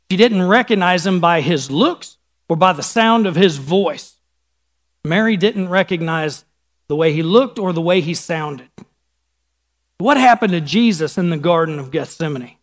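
A man with a Midwestern American accent preaching a sermon, conversational and acting out Bible scenes in casual voices. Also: sits high. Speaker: pastor.

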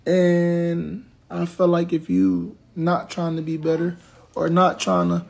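Young man ranting on a livestream, gravelly and high. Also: slow, darkish tone. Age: 20s. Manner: blunt, profane, ranting at commenters. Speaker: social media personality on a livestream. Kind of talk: venting on a livestream.

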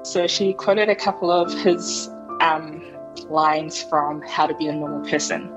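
Slow-talking New Zealand woman. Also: low-pitched, music in the background, poor audio. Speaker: fan group admin.

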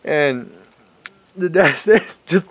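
A man's voice: fairly high pitch, normal speed, no echo. A man telling a rambling, profane story with frequent laughter. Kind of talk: casual anecdote.

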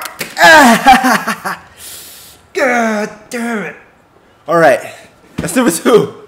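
This young man's voice is on the high side as he casually narrates gameplay for a gaming video, full of jumpy excitement, frequent yelps and swearing. The background is noisy.

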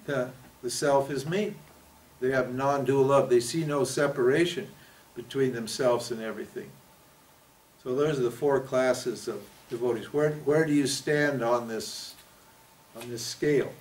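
A man giving a spiritual teaching talk in a conversational way, often asking his listeners questions and acting out the prayers people make. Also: mid-range voice. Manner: conversational, asks the audience questions, acts out quoted prayers. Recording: voice picked up from a distance.

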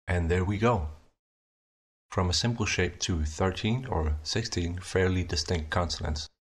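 A young man narrating a scripted explanation of his invented writing system, measured and methodical, slowing down to sound out each example. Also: low-pitched, slightly rough. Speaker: conlang creator presenting his language.

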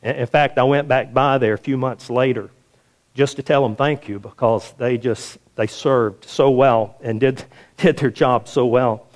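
A man's voice: steady tone, a little slow. A man preaching a sermon as a pastor, telling a story and acting out the voices in it. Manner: storytelling, acts out the quoted voices in a higher pitch. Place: church sanctuary.

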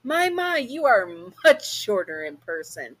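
A theatrical male radio demon who teases and flatters everyone he meets, put on by a woman. He drawls his lines in a showy, charming way, pitched a little above her usual voice. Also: unhurried, exaggerated voice. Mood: smarmy. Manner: theatrical, teasing.

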